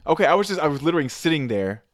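A man's voice: on the high side, racing, no room sound, studio quality. A man co-hosting a podcast, telling a story with lots of swearing. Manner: animated storytelling, swears a lot. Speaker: podcast co-host. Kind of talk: casual chat.

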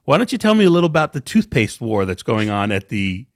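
Male podcast host, playful and teasing, mid-pitched voice, dry studio recording. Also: sing-song, quick pace, no room sound. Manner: joking, teasing, sets up segments. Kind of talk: casual chat.

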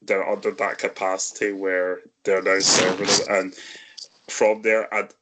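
A man hosting a casual film review chat, often breaking into high giggles. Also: level tone, a little slow, background noise. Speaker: podcast host.

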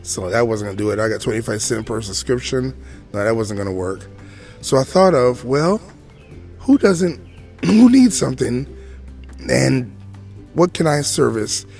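A man's voice: mid-range voice, expressive, measured pace, vocal fry, long pauses, darkish tone. Chatty storytelling man, faint music. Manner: chatty, digressive asides to the listener. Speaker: podcast host. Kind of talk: storytelling monologue.

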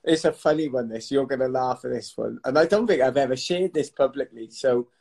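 A middle-aged man from the United Kingdom, a retired athlete telling stories in a chatty, animated way in an interview, laughing now and then. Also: medium pitch, brisk, vocal fry. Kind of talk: casual storytelling interview.

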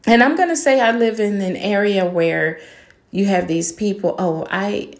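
A woman's voice: medium pitch, moderate pace. An older woman and grandmother delivering a heated, blunt monologue, swearing and firing off rhetorical questions at her listeners. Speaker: podcast host. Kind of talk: angry monologue rant. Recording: roomy echo.

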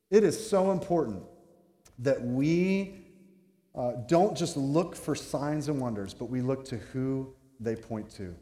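A man preaching a sermon as a pastor, animated and joking, and acting out quoted voices. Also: on the high side, moderate pace. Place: church sanctuary. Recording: echoey hall with long reverb.

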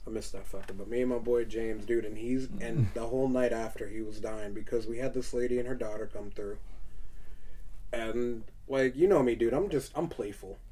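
A man hosting a podcast, telling profane, animated stories in casual chat on a studio mic. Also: mid-range voice, normal speed, far from the mic, a little hiss or hum. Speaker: podcast host. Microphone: studio microphone with headphones.

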